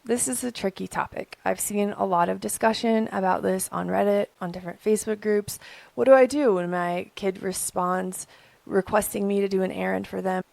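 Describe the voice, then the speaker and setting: A young adult woman hosting an advice channel, talking calmly and earnestly from her own experience. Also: medium pitch, creaky, no echo. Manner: gentle, earnest, speaking from personal experience. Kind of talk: calm advice talk to camera.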